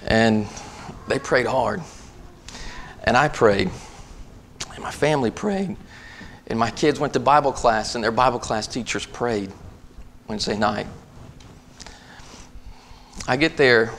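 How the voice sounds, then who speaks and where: A man's voice: medium pitch, fairly bright tone, slight background noise. A man preaching in a church, telling a family story and then reading scripture aloud with rising emphasis. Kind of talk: sermon.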